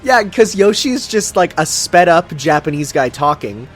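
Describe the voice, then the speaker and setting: A man's voice: a little high, big pitch swings, a little slow, a bit bright, faint music behind. A man co-commentating a video game, chatting casually and rambling through trivia with lots of fillers.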